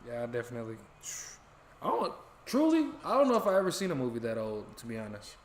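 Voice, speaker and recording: Young American man, joking live-stream co-host, mid-pitched, some room echo. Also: big pitch swings, quick pace, a little hiss or hum. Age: young adult. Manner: joking, swears freely, chats to viewers. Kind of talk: casual live-stream chat. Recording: roomy echo.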